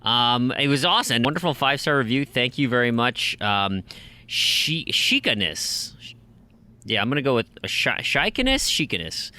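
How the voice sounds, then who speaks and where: A man's voice: mid-range voice, fairly quick, bright, forceful tone, clean tone. A man hosting a casual podcast, chatty and joking as he reads out listener reviews and questions. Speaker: podcast host.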